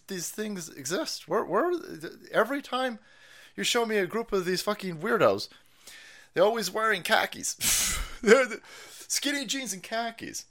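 A man hosting a livestream, ranting with profanity and mockery. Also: high voice. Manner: profane, mocking, animated. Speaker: stream host. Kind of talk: livestream rant commentary.

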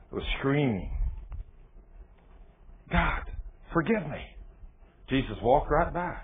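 A man preaching a sermon, telling stories dramatically and swinging from loud exclamations to hushed, low lines. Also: a little hiss or hum. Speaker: pastor. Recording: tinny phone-like sound.

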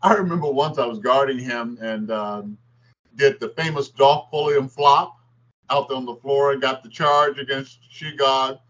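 A former basketball player, now older, speaks at medium pitch and a moderate pace while recounting stories in an interview. He's an animated storyteller who acts out the quotes, captured in dull lo-fi sound.

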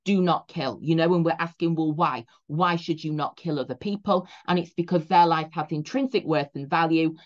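A woman teaching a revision lecture in a chatty way, full of "you know" asides, slowing down to stress key points. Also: sits low, lo-fi sound.

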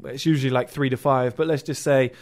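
A man's voice: mid-range voice, steady tone, fairly quick. A man hosting his own motivational channel, talking bluntly and sarcastically and mocking people's excuses in put-on voices. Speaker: motivational video host. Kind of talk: casual motivational monologue.

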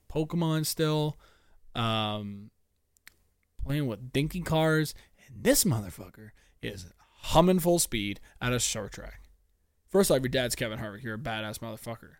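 A man's voice: mid-range voice, smooth, no echo, clean studio sound. A young man hosting a solo podcast, ranting with lots of swearing and stammered restarts. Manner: profane, animated ranting with frequent stammered restarts. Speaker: podcast host.

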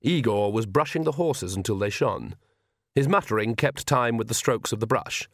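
A man narrates an audiobook in a middle-pitched, measured voice. The recording is dry and close, with no room sound. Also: lively intonation, no echo. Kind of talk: scripted narration.

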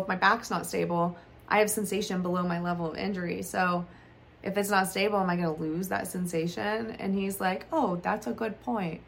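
A woman's voice: lowish voice, a bit bright. A young adult woman hosting her own podcast, telling her story in a candid, blunt way and swearing freely. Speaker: podcast host. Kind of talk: casual personal storytelling.

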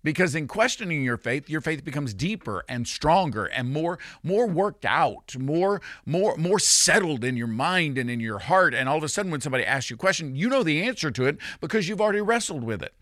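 Pastor preaching from a dry close mic. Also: male voice, on the high side, animated, brisk, few pauses, fairly bright tone, dry recording. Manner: conversational preaching with frequent restarts and sudden emphatic rises. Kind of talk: sermon.

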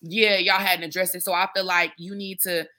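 A woman speaking as a podcast guest, thinking out loud with hesitant restarts and lots of "like." Her voice is fairly low but bright and forward in tone. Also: flat delivery, normal speed. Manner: thoughtful, hesitant, with many restarts and "like". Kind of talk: casual chat.

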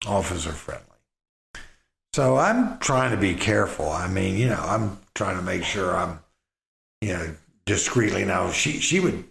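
A middle-aged man casually telling a personal story in a rambling, halting way, full of restarts and fillers. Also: deep voice, fairly bright tone. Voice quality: gravelly. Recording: roomy echo.

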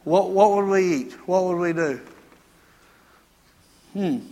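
A man's voice: high-pitched, slow pace, mellow, big-room sound. A man preaching a sermon, mixing folksy country stories with emphatic preaching. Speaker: pastor.

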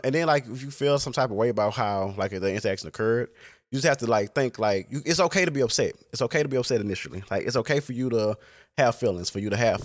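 A man talking casually in a reflective monologue, rambling and swearing freely. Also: lowish voice.

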